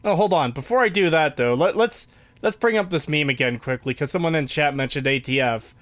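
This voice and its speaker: A man's voice: on the high side, brisk, a bit bright. A man co-hosting a podcast in casual chat, blunt and offhand, swearing freely. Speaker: podcast co-host.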